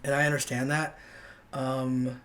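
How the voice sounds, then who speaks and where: A man's voice: mid-range voice, flat delivery, a little slow, fairly bright tone. A young man talks on his own podcast in a loose, rambling way. He starts sentences over, trails off and swears casually as he tells a story about his night out. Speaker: podcast host. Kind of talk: casual solo monologue.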